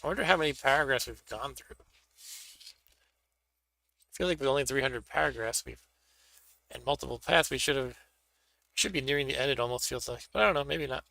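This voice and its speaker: A man hosts a stream, reading a gamebook aloud and chatting offhandedly between choices. His voice is bright with a gravelly edge. The sound is dry and close. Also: mid-range voice, fairly quick, pauses often, no room sound. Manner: offhand, joking. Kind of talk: casual chat and read-aloud narration.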